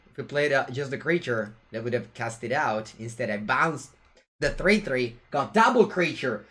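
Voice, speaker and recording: A man's voice: medium pitch, a bit bright. A man with an Italian accent commentating his own card game live, playful and chatting with viewers as he taunts his opponent. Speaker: streamer and card game player. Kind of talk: live-streamed gameplay commentary.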